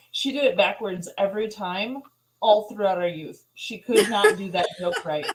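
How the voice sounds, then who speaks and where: A woman's voice: lowish voice, moderate pace, poor audio. A woman guest on a casual livestream who teases the others and tells a short anecdote. A faint hiss sits behind her voice. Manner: teasing, storytelling. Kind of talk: casual chat.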